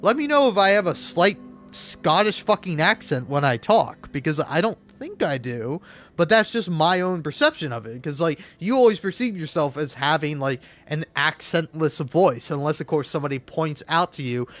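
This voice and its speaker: A man's voice: a little high, animated, moderate pace, a bit bright. An American man from the southeastern US, chatting casually while gaming, in a rambling way with many fillers and restarts. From southeastern United States. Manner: rambling, filler-heavy, frequent 'like' and restarts. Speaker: streamer.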